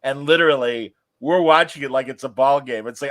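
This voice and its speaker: A man hosting a podcast in casual chat, telling stories with lively cheering asides. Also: medium pitch, brisk, hardly any pauses. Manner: animated storyteller, mimics cheering crowds. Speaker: podcast host.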